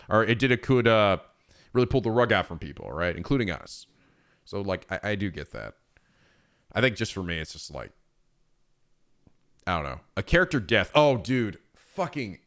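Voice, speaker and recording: A man's voice: fairly low pitch, a bit bright. A man chatting casually on his stream, rambling with lots of fillers, restarts and swearing.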